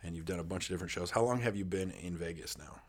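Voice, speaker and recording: A co-host with a very deep, husky voice asks the guest questions in a casual chat. Many short affirming murmurs come between the questions. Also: quick pace.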